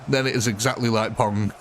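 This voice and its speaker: A man's voice: mid-range voice, unhurried, a little hiss or hum. A British man with a mid-range voice chats casually on a gaming live stream. He jokes a lot and answers viewers by name. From Britain. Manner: joking, chatty, answers chat by name. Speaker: game streamer.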